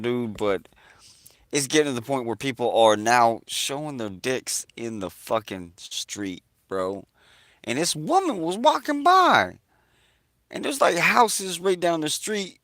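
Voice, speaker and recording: A man vents in an agitated, profanity-laden rant straight to camera. His voice is bright and forceful, and he keeps circling back to the same phrases. The sound is dry and close. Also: mid-range voice, no room sound. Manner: agitated, swears constantly, repeats himself. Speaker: vlogger.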